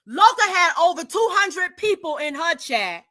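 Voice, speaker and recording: A woman's voice: very high voice, very animated, unhurried, pushed and bright. A woman giving indignant live commentary, repeating herself for emphasis and lecturing her viewers. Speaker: commentary streamer.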